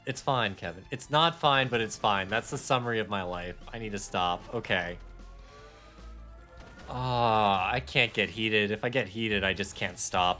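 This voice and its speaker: A man's voice: lowish voice, bright, forceful tone. A young man streaming a game live, talking casually in a heated, rambling rant with swearing and self-mocking asides. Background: faint game music.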